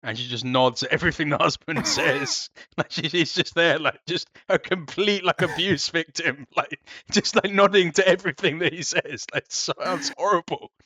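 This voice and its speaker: A young male host chatting casually with his guest, his voice bright and forward. The sound is dry and close, with no room around it. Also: a little high, normal speed, few pauses, no echo. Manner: casual, swears, prompts for stories. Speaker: interview host. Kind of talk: casual interview chat.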